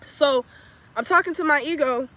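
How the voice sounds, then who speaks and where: Speaking at a normal pace in a high-pitched, fairly bright voice, the spiritual vlogger shares her confession. She's blunt and profane, hammering points home by saying the same phrases again.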